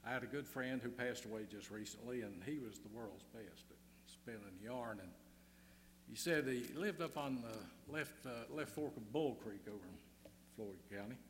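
A man's voice: mid-range voice, moderate pace. Easygoing guy rambling through a funny talk, echoey hall, little hum behind. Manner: easygoing, rambling, many "uh" fillers. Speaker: guest speaker at a church gathering. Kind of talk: folksy humorous speech with tall tales.

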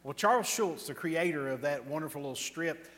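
A man preaching as pastor at an evening church service, in an earnest, warm manner, reading scripture aloud and praying softly. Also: on the high side, a little fast. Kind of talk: sermon. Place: church sanctuary. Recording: reverberant church hall.

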